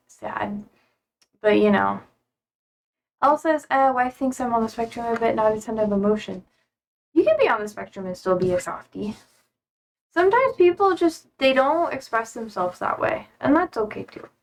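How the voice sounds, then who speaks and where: A woman live-streaming from home, chatting casually and rambling with lots of fillers as she reads viewer comments aloud into a desk mic. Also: on the high side.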